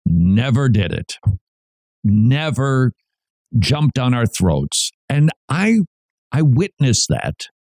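Slow, earnest male radio host. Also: mid-range voice, sing-song, a little mellow, no room sound. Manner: earnest, preacherly, emphatic repetition. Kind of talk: radio commentary. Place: radio studio. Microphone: studio mic.

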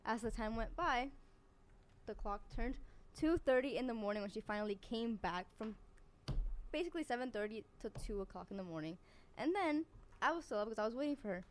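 Young woman chatting quickly with friends. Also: a little high, lively intonation, a little hiss or hum. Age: young adult. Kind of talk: casual chat, storytelling.

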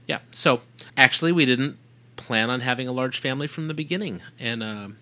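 A man's voice: mid-range voice, fairly quick, pushed and bright. A man co-hosting a podcast with his wife, reading listener questions in a playful, teasing way. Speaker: podcast co-host. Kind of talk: casual chat.

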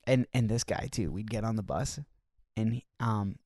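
A man's voice: fairly low pitch, moderate pace, darkish tone, dry recording, studio quality. A man telling touring stories in casual chat, rambling with lots of fillers. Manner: rambling with many fillers and restarts.

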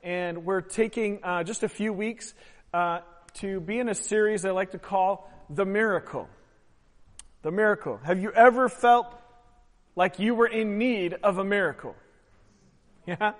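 A man preaching a sermon as pastor, emphatic and swelling louder on key phrases. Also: high voice, a little slow, long pauses. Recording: long hall reverb.

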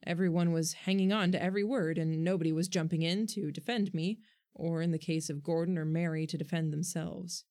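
A woman calmly reading first-person fiction as an audiobook narrator. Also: on the low side, fairly quick.

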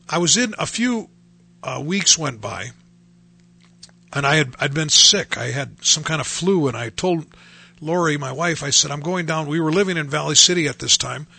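Gravelly-voiced man telling his testimony. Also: on the high side, bright, forceful tone. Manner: conversational, acts out quoted voices. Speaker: speaker sharing his testimony. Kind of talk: personal testimony storytelling.

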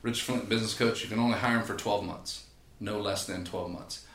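Low-voiced man telling stories. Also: a little fast. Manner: animated storyteller acting out quotes. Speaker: podcast guest, personal trainer. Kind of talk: casual storytelling. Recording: echoey room.

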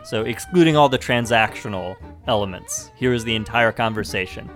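A man's voice: on the low side, brisk, hardly any pauses, fairly bright tone, soft background music. Dry, sarcastic male podcast co-host. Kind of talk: casual comedic banter.

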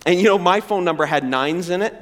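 A middle-aged man preaching a sermon, emphatic and animated, slowing down for weight. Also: high voice. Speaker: pastor.

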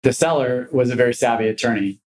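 A commercial real estate broker appears as a guest on a podcast, telling a story energetically and acting out the people he quotes. His voice is medium-pitched and ordinary in range, he speaks quickly, and the audio quality is poor.

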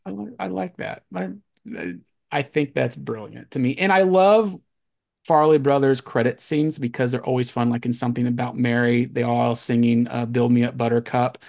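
A man co-hosting a casual movie podcast, excitable and gushing, often breaking into laughter. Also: medium pitch, normal speed, gravelly. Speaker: podcast co-host. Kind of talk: casual movie-review chat.

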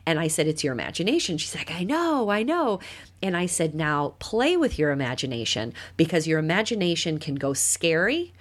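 A middle-aged woman with a low, grounded voice talks casually as a podcast co-host. She tells stories warmly and brightens into animated quoted voices along the way. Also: fairly quick, hardly any pauses. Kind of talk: casual conversation about parenting.

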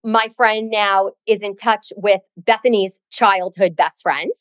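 A woman's voice: medium pitch, steady tone, takes it slowly, fairly bright tone, no echo. A middle-aged woman co-hosting a podcast, telling a story in a dramatic, sassy, chatty way. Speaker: podcast co-host. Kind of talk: casual chat, storytelling.

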